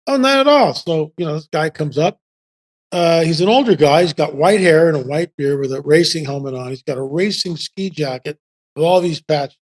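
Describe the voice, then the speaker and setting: A man in his seventies, a podcast guest telling casual stories in an animated, rambling way full of restarts. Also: on the high side, normal speed. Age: 70s. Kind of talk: casual storytelling.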